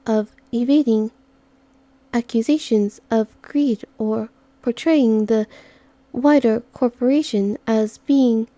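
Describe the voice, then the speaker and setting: Brief: woman voicing a precise, formal AI in a game reading, slow and clinical. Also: fairly high pitch, dark tone, no echo. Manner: clinical, data-driven, formal. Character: precise, formal machine intelligence briefing an operative. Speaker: visual novel reader.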